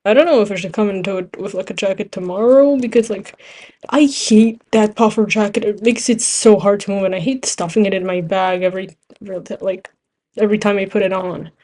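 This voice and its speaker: A woman's voice: mid-range voice, fairly quick, mellow. A teenage girl who is not a native English speaker, telling a rambling story with giggles and restarts while playing a game. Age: teens. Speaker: gaming vlogger. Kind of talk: casual storytelling over gameplay.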